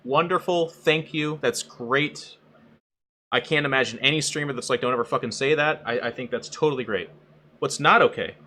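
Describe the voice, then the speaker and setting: A man hosting a casual chat, animated, often mimicking others in quoted voices. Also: medium pitch, moderate pace. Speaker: host.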